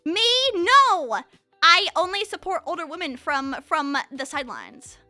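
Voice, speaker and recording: A young woman streamer chatting casually with her live chat, talking very fast and bubbly. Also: very high voice, expressive, sharp tone, no echo, soft background music.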